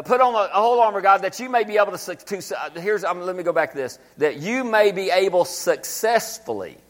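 High-voiced preaching man in echoey hall. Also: a bit bright. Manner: preaching with call-and-response, repeating scripture lines. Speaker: pastor. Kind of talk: sermon. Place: church sanctuary.

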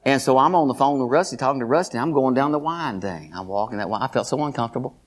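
A middle-aged man preaching a sermon as pastor, animated, folksy and repeating his phrases. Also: medium pitch, quick pace, slight background noise.

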